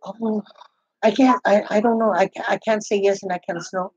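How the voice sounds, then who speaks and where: A woman's voice: mid-range voice, steady tone, a little fast, husky, no echo. An older woman chatting casually, rambling, with many restarts and retold conversations. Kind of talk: casual chat. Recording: dull, muffled, lo-fi sound.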